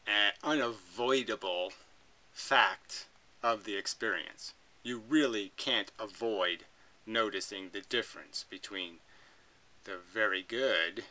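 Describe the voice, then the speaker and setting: A man talks back at a recorded clip in a blunt, argumentative way, swearing freely and hammering his points home. His voice is very bright and edged, sharp at the top. It sounds like a home recording. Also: fairly low pitch, low-quality recording. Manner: profane, emphatic and argumentative. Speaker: video commentator. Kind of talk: reaction commentary.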